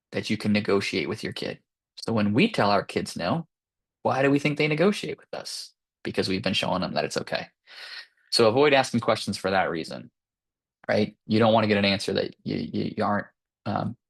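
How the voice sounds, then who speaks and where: A man, a psychologist, gives an informal lecture to parents in a conversational way, often tagging sentences with "right?". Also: on the low side. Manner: conversational, with frequent tag questions and fillers. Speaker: clinical psychologist presenting to parents.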